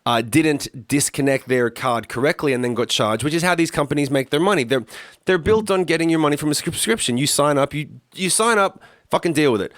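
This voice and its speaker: Australian man, podcast co-host, sweary rant, slightly high voice, dry sound. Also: fairly quick, fairly bright tone, dry recording. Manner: profane, ranting storyteller. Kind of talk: casual podcast chat.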